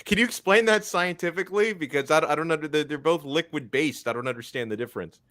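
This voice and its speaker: A man hosting a sports talk show in casual chat, joking and animated, often repeating himself as he talks. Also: on the high side, quick pace, no echo. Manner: joking, animated, stumbles over words.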